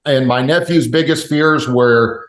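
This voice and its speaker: A man co-hosting a casual podcast chat, spinning anecdotes and acting out the lines of the people in them. He has a middle-pitched voice. The room gives it a noticeable echo. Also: a little slow. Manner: storytelling, acts out quotes. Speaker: podcast co-host. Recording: roomy echo.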